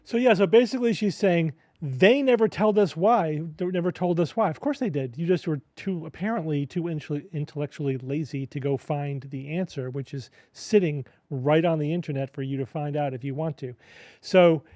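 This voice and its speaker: A man co-hosts with a dry, sarcastic edge as he sets up and explains a point. His voice is mellow and dark, and sits a bit high for a man. The recording is close and dry, with no room sound. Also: fairly quick, no echo. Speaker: podcast co-host. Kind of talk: casual explanatory commentary.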